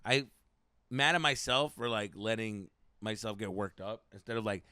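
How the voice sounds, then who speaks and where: A young man, a comedian co-hosting a podcast, telling stories in a profane, animated way while hoarse from a lost voice. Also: on the low side, moderate pace, no room sound, clean studio sound. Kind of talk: casual podcast chat.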